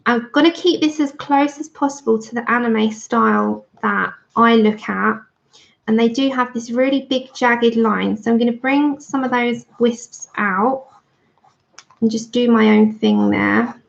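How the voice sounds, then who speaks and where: A woman's voice: a little high, a little slow, creaky. A woman chatting casually to her livestream viewers while she colours, thanking them by name. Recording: dull lo-fi stream audio.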